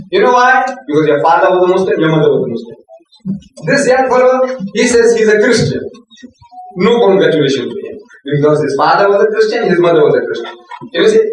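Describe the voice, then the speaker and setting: An older man from South Africa giving an animated, rhetorical public lecture on religion, raising his voice at the high points. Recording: echoey hall, voice from far off.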